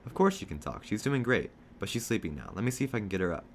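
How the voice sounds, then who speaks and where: A man reading a storybook aloud, voicing a worried, gentle father who sounds reassuring and eager. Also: on the low side, very animated, fast talker, slight background noise.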